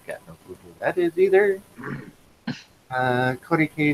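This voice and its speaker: A man's voice: medium pitch, measured pace, poor audio. Casual man reading out live chat. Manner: reads viewer messages aloud, relaxed. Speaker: livestream co-host reading chat.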